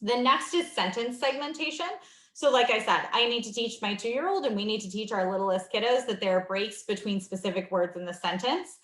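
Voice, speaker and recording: A woman's voice: mid-range voice, a little fast, echoey room. A young adult woman giving a webinar talk to teachers, explaining with many ums and modeling classroom prompts. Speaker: reading instruction presenter. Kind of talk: webinar training presentation.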